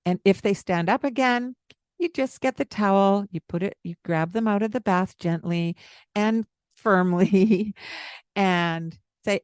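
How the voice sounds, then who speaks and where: A woman co-hosting a parenting podcast, giving calm, gentle advice and showing tones of voice. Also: mid-range voice, unhurried, clean tone, no room sound, studio quality. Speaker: podcast co-host, parenting coach. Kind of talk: casual advice chat.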